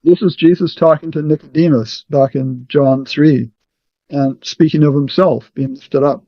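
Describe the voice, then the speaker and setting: A man leading a scripture study, explaining verses deliberately and checking in with "okay" often. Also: on the high side, steady tone, creaky, no room sound. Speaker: Bible study leader. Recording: muffled, dry sound.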